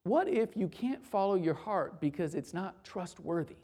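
A man acting as pastor preaches a sermon emphatically and in an animated way at a moderate pace. He asks rhetorical questions and repeats phrases, swinging between loud, urgent peaks and low, quiet lines.

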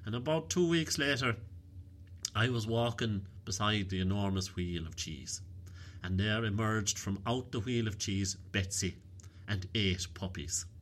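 Bright-voiced storyteller. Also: male voice, lowish voice, a little slow, slight background noise. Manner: lively, wry, animated telling. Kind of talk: oral folk storytelling.

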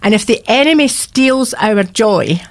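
A woman's voice: medium pitch, expressive, unhurried. A woman in her sixties, a radio guest telling a personal faith story in an earnest, heartfelt way, her voice sometimes cracking. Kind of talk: radio interview, personal testimony.

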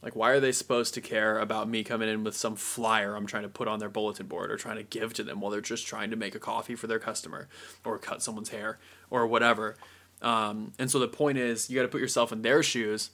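Young man in easygoing chat. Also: lowish voice. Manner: animated, acts out scenes in quick voices. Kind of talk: casual chat.

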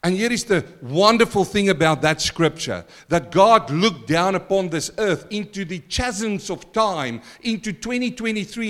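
A man preaching a sermon as pastor, swinging from quiet stretches to loud emphatic swells and calling on the congregation. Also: sits high, animated, a little slow, hardly any pauses. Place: church.

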